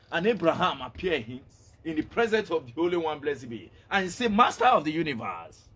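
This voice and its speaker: A man's voice: on the high side, a little fast, hardly any pauses, breathy edge. A man teaching as a religious preacher, telling a story with acted-out dialogue and repeated words. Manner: animated retelling, repeating words, acting out dialogue. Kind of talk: storytelling sermon to online viewers.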